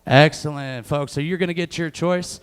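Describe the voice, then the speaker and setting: Man, champion auctioneer, fairly high clear voice, very fast clipped chant. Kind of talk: live auction bid calling. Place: large event hall.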